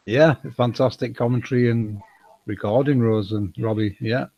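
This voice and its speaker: A man's voice: medium pitch, fairly even intonation, moderate pace, no echo. A man chatting casually as a guest, upbeat and encouraging, on a dull lo-fi call. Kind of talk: casual chat.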